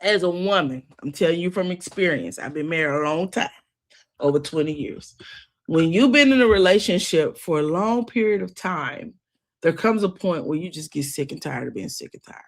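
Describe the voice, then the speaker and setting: A middle-aged woman hosting a recap show, chatting casually and with sass. She talks straight to her viewers and laughs often. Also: on the low side. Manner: sassy, animated, quick to laugh. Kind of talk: casual opinionated chat.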